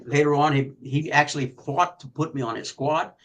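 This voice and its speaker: An older man and retired detective telling police stories in a profane, animated way, acting out shouting as he goes. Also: a little high, moderate pace, low-quality recording. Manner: profane, animated storyteller who acts out shouting. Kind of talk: storytelling on a podcast.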